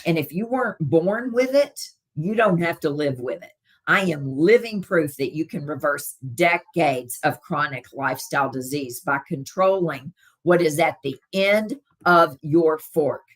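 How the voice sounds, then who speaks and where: Casting: middle-aged Southern woman, low voice, chatty live-stream host answering comments. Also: measured pace. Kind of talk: casual live-stream chat with viewers.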